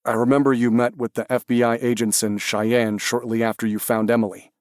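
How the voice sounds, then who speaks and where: A male narrator voicing a dog handler in search and rescue, who speaks calmly, firmly and to the point. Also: mid-range voice, fairly quick, dry recording, clean studio sound, close to an everyday voice. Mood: steady.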